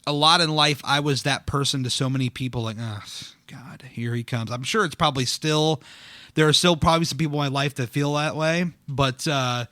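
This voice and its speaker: Bright-voiced man telling rambling stories. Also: on the high side, fairly quick, no echo, clean studio sound. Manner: rambling storyteller, self-deprecating, frequent fillers. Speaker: podcast host. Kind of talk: casual chat. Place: dining room.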